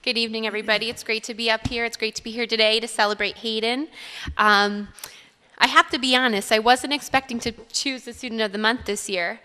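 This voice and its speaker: Bright-voiced woman teacher. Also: on the high side, steady tone, a little fast, clear, resonant tone. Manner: warm praise, reads a student's story aloud. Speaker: third grade teacher. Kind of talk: speech at an award ceremony. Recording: reverberant hall.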